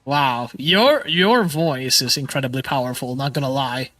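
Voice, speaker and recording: A man's voice: medium pitch, moderate pace, a bit bright, no echo, soft background music. A man hosting a casual livestream chat, enthusiastic and laughing often. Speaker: livestream host.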